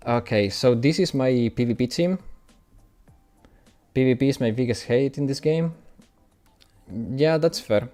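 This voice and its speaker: A man's voice: medium pitch, a little slow, long pauses, warm tone, soft background music. A man from Italy, whose first language is Italian, speaks with an Italian accent and chats casually with viewers while streaming a game, often laughing. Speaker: gaming streamer. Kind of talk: casual live-stream chat.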